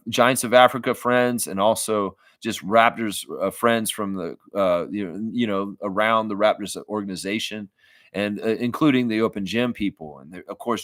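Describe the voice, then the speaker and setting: A man's voice: fairly low pitch, a bit bright, no room sound. Rambling, profane male livestream host. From southern United States. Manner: rambling with many fillers, flaring into profane rants. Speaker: sports fan livestream host. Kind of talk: casual live reaction chat reading comments.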